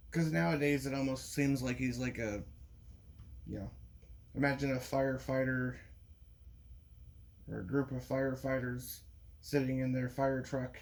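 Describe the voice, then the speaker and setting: A man's voice: medium pitch, flat delivery, unhurried, vocal fry, pauses often. A man in a rambling monologue, talking with frequent restarts and profanity. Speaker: vlogger.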